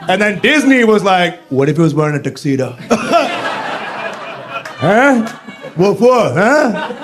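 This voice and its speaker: A man performing a brash, profane stand-up set on a club stage, mimicking accents and voices. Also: mid-range voice. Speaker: stand-up comedian. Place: comedy club stage before a live audience.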